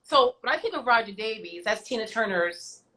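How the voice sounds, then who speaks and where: A woman on a video call, chatty and animated, telling her stories with slangy asides and acted-out voices. Her tone is bright and forceful, and her pitch sits a touch high. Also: moderate pace, low-quality recording. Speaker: guest singer. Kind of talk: casual storytelling.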